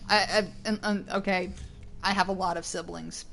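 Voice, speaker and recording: A woman's voice: lowish voice, steady tone, moderate pace, gravelly, a bit bright, a little hiss or hum. A woman co-hosting a game stream, talking in a chatty, rambling way with many restarts. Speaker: co-host of a gaming stream. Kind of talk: casual gameplay chat.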